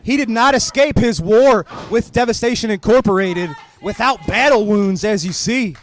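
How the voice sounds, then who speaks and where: A man calling a wrestling match play-by-play, excited and often shouting his calls. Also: high-pitched, normal speed. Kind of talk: live wrestling commentary.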